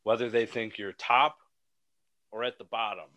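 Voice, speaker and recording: A man co-hosting a podcast, talking in an animated, rambling way with frequent restarts. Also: medium pitch, moderate pace. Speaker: podcast co-host. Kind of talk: casual chat.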